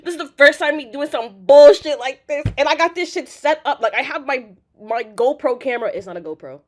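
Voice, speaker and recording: A nervous young woman on her first live stream, chatting casually, laughing often and swearing freely, jumping between loud outbursts and quiet murmurs. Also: high-pitched, lively intonation, fairly quick.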